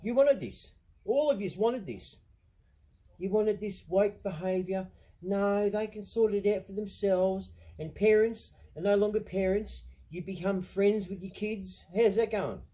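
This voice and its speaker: A man's voice: sits high, unhurried, dark tone, poor audio. A middle-aged Australian man ranting into the camera, blunt and sarcastic, swearing a lot. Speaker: vlogger.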